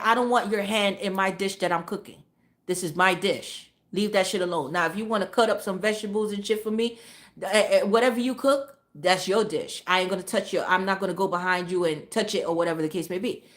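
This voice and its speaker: Woman streamer, casual ranting storytime, salty and emphatic, mid-pitched voice. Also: a bit bright. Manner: profane, emphatic, repeats phrases for emphasis. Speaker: live streamer.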